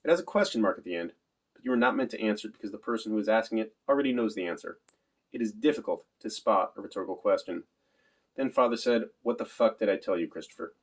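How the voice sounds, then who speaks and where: A man's voice: fairly low pitch, quick pace. A man narrating an audiobook in the first person in a literal, matter-of-fact way.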